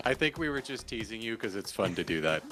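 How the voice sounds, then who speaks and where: A man's voice: fairly low pitch, big pitch swings, a little fast, sharp tone. A man co-hosting a podcast in an easygoing way, often laughing. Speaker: podcast co-host. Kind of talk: casual podcast chat.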